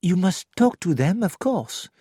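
A reader voicing an excitable, precise detective who asks probing, urgent questions. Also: mid-range voice, measured pace, husky, no room sound, studio quality, pitched above the performer's own voice.

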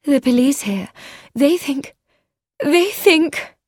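A woman doing a soft, dramatic young widow. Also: lively intonation, slow pace, no echo, clean studio sound. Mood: distressed. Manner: breathy, emotional, high-strung.

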